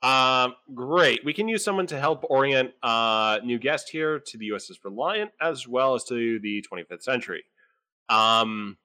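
A man's voice: mid-range voice, bright, forceful tone. A man playing a tabletop role-playing game, speaking in character as a starship captain with lots of fillers and hesitations. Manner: rambling, many fillers, laughs easily. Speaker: player.

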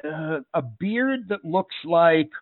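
A man's voice: a little high, lively intonation, slow pace, no room sound. A man running a tabletop role-playing game as game master, narrating scenes in a rambling way with many fillers. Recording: dry, phone-like online call audio.

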